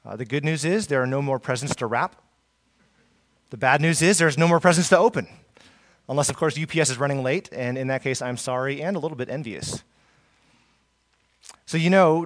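A man's voice: mid-range voice, fairly bright tone. A man preaching a sermon as pastor, earnest, with many fillers and restarts.

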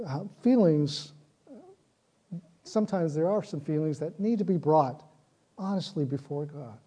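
A man's voice: a little high, expressive, unhurried, warm tone. A man preaching a sermon, earnest, with repeated phrases that build in intensity. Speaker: pastor.

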